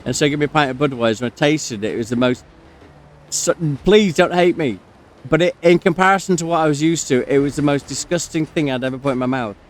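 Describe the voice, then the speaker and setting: This man tells a lengthy personal story over gameplay, speaking fast in a fairly high voice. His casual storytelling wanders and is packed with fillers, and he breaks away to remark on what's happening in the game.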